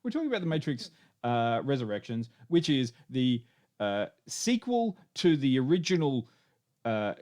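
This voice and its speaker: A man's voice: medium pitch, big pitch swings, moderate pace, darkish tone. An Australian man co-hosting a podcast, chatting about films in a joking, sweary way. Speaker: podcast co-host. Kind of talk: casual film-review chat.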